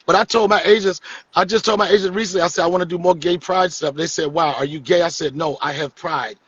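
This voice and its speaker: A man's voice: high-pitched, fairly even intonation, fast talker, fairly bright tone, slightly rough, no echo, highs cut off. A man hosting a live stream, joking and teasing his guests in casual, profane comedic chat.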